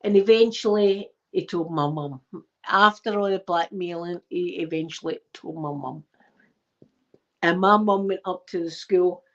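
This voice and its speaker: A woman's voice: on the low side, measured pace. Brief: Scottish woman, emphatic storyteller chatting to viewers, dull lo-fi mic. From Scotland. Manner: animated, emphatic, repeats herself. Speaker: channel host. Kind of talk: casual storytelling to a live chat.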